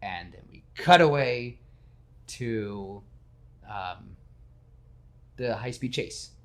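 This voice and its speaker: A man hosting a casual podcast, talking in an animated, self-deprecating way and slipping into quick character voices. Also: lowish voice. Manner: self-deprecating, admits nervousness. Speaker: podcast host. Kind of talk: casual podcast chat retelling a film.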